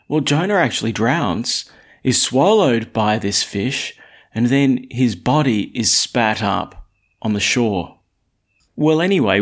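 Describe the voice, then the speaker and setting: A man preaching a sermon in a conversational, storytelling way, asking rhetorical questions and reading scripture in a slower, lower voice.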